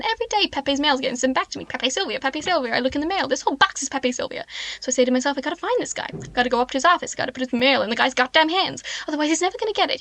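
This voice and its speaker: British lady doing a frantic paranoid mailroom guy, high and shouty, ranting in bursts. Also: no echo.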